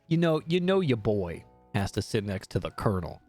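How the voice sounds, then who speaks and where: A young man reading a game aloud on stream, breaking off into crude jokes and self-mocking remarks. His voice is gravelly and swings up and down, with faint guitar music behind. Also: medium pitch, big pitch swings, brisk, few pauses, a little mellow. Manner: jokey, swears, self-mocking asides.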